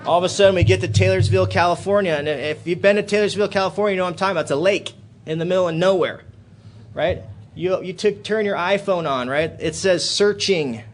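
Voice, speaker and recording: A man in his thirties speaking at a recovery meeting in a hotel hall, telling a personal story and building to loud, animated outbursts. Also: sits high, fast, a little hiss or hum. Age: 30s.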